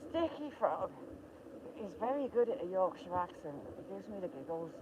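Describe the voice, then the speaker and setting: A woman's voice: lowish voice, very animated, normal speed, background noise. A woman, chatting casually to her live chat while walking past stone walls in the countryside, giggling and reading out comments. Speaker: vlogger live-streaming a walk.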